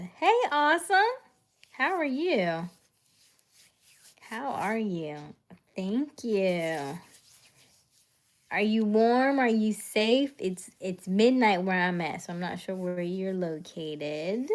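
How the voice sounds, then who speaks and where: A woman chatting on a late-night live stream, talking slowly and unhurriedly. She greets her viewers one by one and keeps slipping into a hushed, soft whisper. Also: mid-range voice, animated. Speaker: livestream host.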